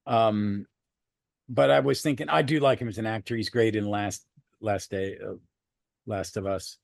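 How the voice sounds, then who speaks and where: Man, podcast co-host, gravelly voice, dry close sound, rambling casual review, cusses freely. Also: fairly low pitch, moderate pace, no room sound. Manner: rambling, swears freely, animated bursts. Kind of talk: casual movie review chat.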